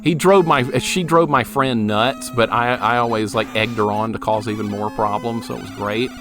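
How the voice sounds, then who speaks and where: A man's voice: mid-range voice, normal speed. A man in his thirties streaming a retro game, chatting and laughing with viewers while he plays, swearing casually. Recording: game music playing loudly beneath the voice. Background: retro game music.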